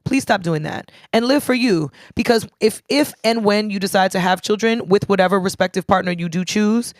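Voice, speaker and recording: A woman's voice: medium pitch, moderate pace, no room sound, clean studio sound. Earnest woman co-host giving advice. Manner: earnest, repeats words while building a point. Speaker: podcast co-host. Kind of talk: casual chat, earnest advice.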